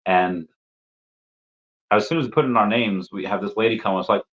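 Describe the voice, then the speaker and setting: A man's voice: on the low side, normal speed, fairly bright tone. A man hosting a casual live stream who reads chat messages aloud, rambles with repeated words and laughs often, and coughs while getting over an illness. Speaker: livestream host answering chat. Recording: dull lo-fi stream audio.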